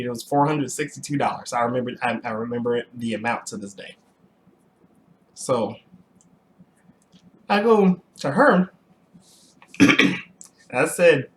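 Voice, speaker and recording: A young adult man casually recounting a personal story to the camera, animated, with frequent restarts and throat clearing. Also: medium pitch, slow pace, pauses often, a little hiss or hum. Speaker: vlogger telling a personal story.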